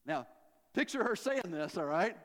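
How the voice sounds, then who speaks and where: A man preaching a sermon in a folksy, conversational storytelling way, dropping low for emphasis. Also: big pitch swings, moderate pace, long reverb tail.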